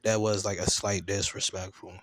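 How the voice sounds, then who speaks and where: Man, low voice, AAVE, casual profane show-review rant, laughs easily. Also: flat delivery, moderate pace. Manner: loose, chatty, profane storytelling with laughs.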